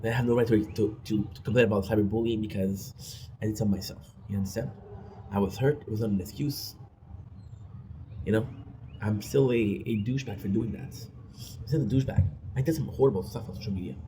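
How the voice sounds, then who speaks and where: A man's voice: lowish voice, a little fast, dark tone, poor audio. A man talking candidly to his own recording in a confessional vlog, often tagging on "right?", a native French speaker, with faint noise behind. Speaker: vlogger. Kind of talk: confessional monologue. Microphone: self-recorded.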